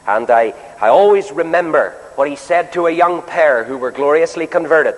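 Male preacher, emphatic sermon delivery with rhetorical questions, higher voice, long hall echo. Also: expressive, normal speed.

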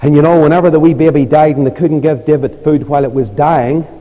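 A man preaching an evangelistic sermon in a church, pleading fervently and climbing high on his appeals. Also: fairly even intonation, quick pace, highs cut off. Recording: long reverb of a large hall.

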